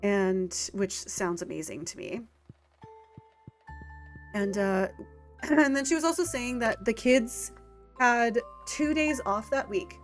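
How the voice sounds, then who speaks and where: A woman talks at an easy, mid-range pitch while streaming a farming game. Her casual chat wanders from one thought to the next, full of fillers and small asides. Faint game music plays quietly underneath. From Canada. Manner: rambling and chatty, with filler words and quick laughs.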